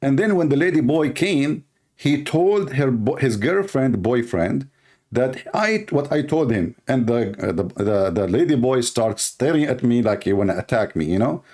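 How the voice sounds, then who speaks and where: A man's voice: mid-range voice, animated, normal speed, mellow. A man giving a ranting online commentary, blunt and mocking, repeating himself and hurling insults.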